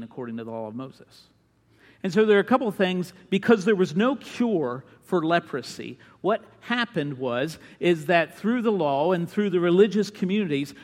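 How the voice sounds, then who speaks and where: High-voiced man preaching in a reverberant hall. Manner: impassioned preaching, rising to shouts and dropping low. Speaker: pastor. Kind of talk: sermon.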